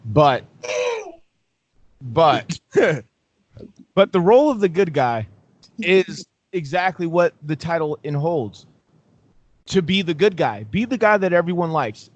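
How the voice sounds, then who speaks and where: A man's voice: a little high, lively intonation, unhurried, long pauses, dull audio. A man co-hosting a casual talk show, playing mock-angry and swearing at his partner. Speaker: podcast co-host. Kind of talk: casual chat.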